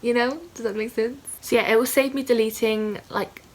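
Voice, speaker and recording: A woman's voice: a little high, steady tone, normal speed. A young woman in her twenties, talking candidly and rambling in a casual vlog, with many fillers. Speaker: writer vlogger.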